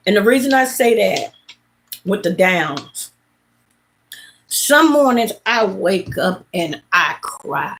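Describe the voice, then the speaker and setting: A woman in her late fifties from the American South talks straight to her livestream viewers in a relaxed, meandering way. She circles back, repeats phrases and tells heartfelt stories in a mid-pitched voice. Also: slow, pauses often. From Mississippi, USA. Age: late 50s. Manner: rambling, repetitive, heartfelt storytelling. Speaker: livestream host. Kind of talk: casual livestream chat.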